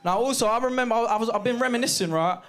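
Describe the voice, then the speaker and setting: A man performing a lively stand-up set, telling stories with shouted impressions. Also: extremely high pitch, rapid-fire. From Jamaican heritage, East London. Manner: animated storytelling with bursts of shouted impressions. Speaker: stand-up comedian. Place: comedy club stage. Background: audience laughter.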